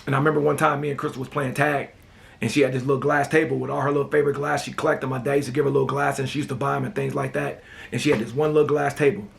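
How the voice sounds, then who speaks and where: A man hosting a casual talk show, telling personal stories in a relaxed way and often repeating "man" and "you know.". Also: medium pitch, racing, creaky. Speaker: host.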